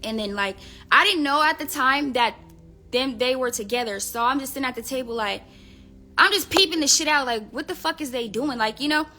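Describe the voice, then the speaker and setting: Woman going off on a live stream, bright voice, cussing a lot, rambling w lots of "like". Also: high-pitched, brisk. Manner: profane, rambling, with frequent fillers. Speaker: livestreamer telling gossip. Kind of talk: casual storytelling rant.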